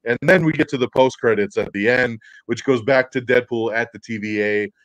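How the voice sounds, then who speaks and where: A man's voice: medium pitch, a little fast, a bit bright, no room sound. A man hosting a casual podcast chat about movies, talking animatedly with frequent fillers and laughs. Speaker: podcast host.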